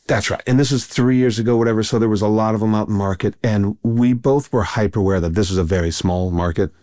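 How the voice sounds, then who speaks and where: A man's voice: fairly low pitch, steady tone, quick pace, a little mellow, dry recording, clean studio sound. A man, an actor guest, telling stories in a casual, rambling way with restarts and fillers. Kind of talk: casual conversational storytelling.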